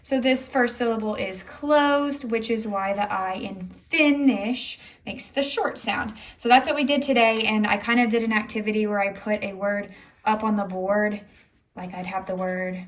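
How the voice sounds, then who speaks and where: A woman's voice: medium pitch, steady tone, normal speed. Young female teacher, lilt, rambling chatty vlogger delivery. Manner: chatty, rambling, many "like"s and "anyways". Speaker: elementary school teacher. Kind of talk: casual day-in-the-life vlog talk.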